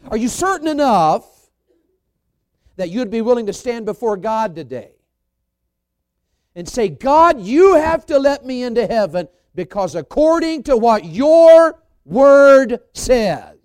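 A man preaching a sermon at a church service, swinging from loud emphatic calls down to quiet, gentle asides. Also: very high-pitched, very animated, slow, clean tone, dry recording. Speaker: evangelist preacher.

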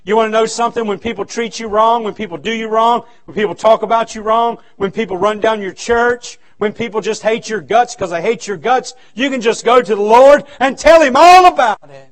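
Male revival preacher, very high voice, fervent, shouts then drops low. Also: brisk. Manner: fervent preaching that swings from loud shouts to low, quiet stretches. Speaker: pastor. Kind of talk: revival sermon. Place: church.

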